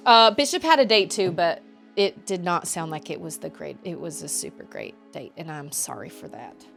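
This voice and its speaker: Gaming on a live stream, this woman chats loosely and animatedly with viewers, peppering her speech with "like." Her voice is lowish and gravelly at a moderate pace, with faint music in the background.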